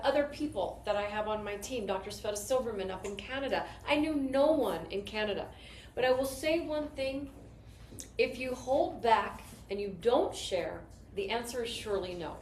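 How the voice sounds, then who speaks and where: Woman, enthusiastic, rambling, motivational talk, roomy, faint noise. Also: mid-range voice. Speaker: network marketing team leader.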